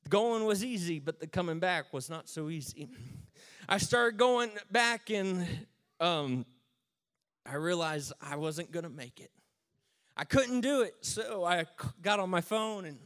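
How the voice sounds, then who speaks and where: A man in his thirties telling a humorous personal story, self-mocking and dry. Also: a little high. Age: 30s. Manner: self-mocking, dry jokes, lively retelling.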